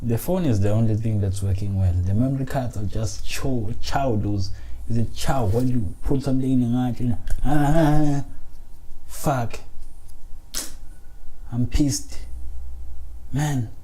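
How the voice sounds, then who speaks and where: Man, very dark voice, casual solo podcast, frustrated, rambling, phone mic. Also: medium pitch, unhurried, long pauses, low-quality recording. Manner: frustrated, swearing, rambling with restarts. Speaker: podcast host. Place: small room, indoors.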